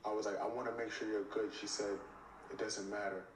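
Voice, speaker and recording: A man telling an animated story, acting out both sides of the conversation with lots of "I was like". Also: lowish voice, brisk, slight background noise. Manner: acts out both sides of the dialogue, often repeating "I was like". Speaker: reality TV cast member telling a story. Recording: echoey room, mic at a distance, faint ambience.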